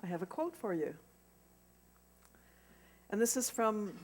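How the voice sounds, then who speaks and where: A woman, a spiritual practitioner, reading a quote at a lectern in an earnest, measured way. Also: mid-range voice.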